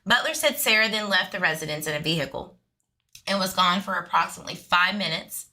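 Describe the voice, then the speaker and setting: A woman with a sharp, forceful voice, reading police records aloud for a true crime channel. She keeps stopping to toss sarcastic, chatty remarks at her audience. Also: lowish voice, brisk. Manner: sarcastic, chatty asides to viewers. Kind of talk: reading police documents with casual commentary.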